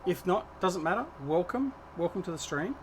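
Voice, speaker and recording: A man's voice: sits high, lively intonation, moderate pace, slight background noise. An Australian man chatting casually with viewers while hosting a gaming livestream, greeting people by name and joking about himself. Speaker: livestream host.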